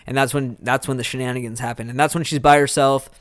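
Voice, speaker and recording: A man's voice: medium pitch, fairly even intonation, quick pace, no echo, studio quality. Rambling man recapping a horror film. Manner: rambling, acts out scenes with quoted voices. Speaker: podcast co-host. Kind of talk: casual movie review chat.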